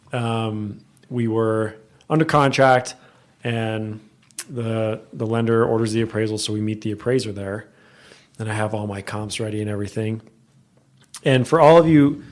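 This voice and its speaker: A man co-hosting a podcast, casually telling a work story and acting out the people in it. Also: medium pitch. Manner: animated, acts out quoted people. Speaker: real estate agent, podcast co-host. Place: podcast studio.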